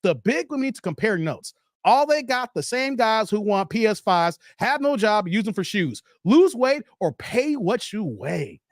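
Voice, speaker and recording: A man's voice: sits high, unhurried, no echo, studio quality. A man from Chicago hosting a live stream, chatting casually and reading out viewer messages with a lot of laughter. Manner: animated, laughs often, reads viewer messages aloud.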